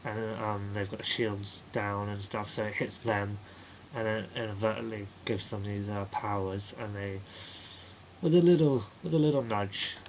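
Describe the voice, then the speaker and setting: A man giving a casual spoken film review, rambling and chatty, slipping into quick mocking impressions of characters. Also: fairly low pitch, fairly even intonation, slight background noise, poor audio. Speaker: movie reviewer.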